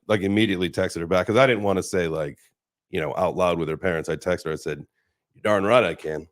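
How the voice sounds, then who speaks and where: Podcast host, man, very low voice, loose rambling delivery. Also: steady tone, brisk. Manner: rambling, filler-heavy storytelling. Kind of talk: casual chat.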